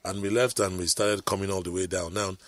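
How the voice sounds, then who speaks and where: A man's voice: low voice, fairly even intonation, fairly quick, no echo. A middle-aged man, telling rambling stories in casual chat, with preachy asides.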